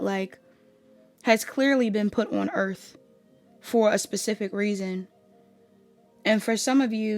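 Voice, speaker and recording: A woman's voice: a little high, a little mellow. A woman giving a casual pick-a-card tarot reading, rambling and often saying "like". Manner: casual, rambling, heavy use of "like". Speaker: tarot reader.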